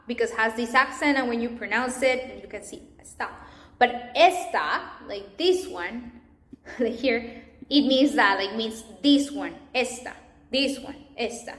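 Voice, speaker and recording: Slow, careful Spanish-accented woman teacher. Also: on the high side, a bit bright. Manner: slow, careful spelling out of letters and example words. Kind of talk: pronunciation lesson. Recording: echoey room.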